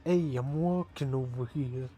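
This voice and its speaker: A man's voice: mid-range voice, measured pace, warm tone, soft background music. A man hosting a casual game playthrough, musing and hesitant with a self-deprecating manner. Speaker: let's play host.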